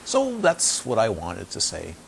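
Gravelly and fairly low-pitched, this man speaks unhurriedly in an informal dharma talk as a meditation teacher. His stories are animated, full of emphatic repetition and acted-out voices of people he quotes, with slight background noise.

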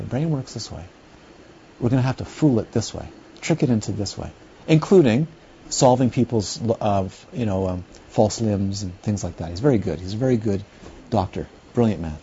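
A man's voice: on the low side, animated, fairly quick, mellow, slight background noise. A middle-aged man teaching a class on Buddhist philosophy in a rambling, conversational way, often checking whether his listeners follow. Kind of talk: lecture to a class. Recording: dull lo-fi recording.

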